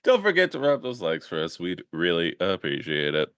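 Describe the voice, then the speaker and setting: A man hosting a podcast, introducing a guest and topics in a casual, animated way. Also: low voice, normal speed, smooth, no room sound. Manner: animated, laughs often. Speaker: podcast host.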